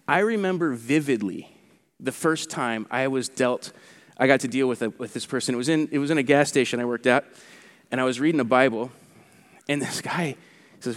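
Animated preacher in a reverberant hall. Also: male voice, mid-range voice. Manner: animated, acts out mockers' quotes. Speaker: pastor. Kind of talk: sermon.

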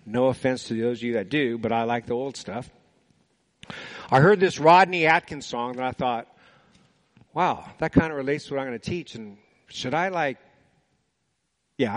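An older man preaching a sermon, telling folksy stories and asking the congregation questions. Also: on the high side. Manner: folksy storytelling, asks the audience questions.

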